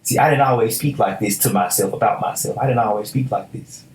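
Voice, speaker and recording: A young man gives a motivational talk on his own podcast, his voice sitting fairly low. He preaches in an emphatic, casual way, often stumbling into quick restarts before driving a point home. The room around him sounds echoey. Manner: emphatic, preachy, colloquial with repeated stammered restarts. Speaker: podcast host.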